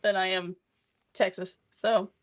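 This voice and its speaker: A woman from northeast Missouri co-hosting a podcast, chatty and quick to laugh. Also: mid-range voice, little pitch movement, muffled recording. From northeast Missouri, USA. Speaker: podcast co-host. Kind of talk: casual chat.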